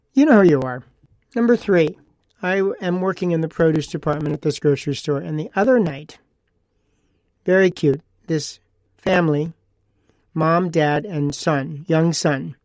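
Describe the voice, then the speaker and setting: A man's voice: a little high, a little mellow, dry recording. A man hosting a casual solo podcast talks on a close mic. He rambles in a chatty way, repeats himself and adds asides. The sound is dry and close, with no room around him. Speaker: podcast host.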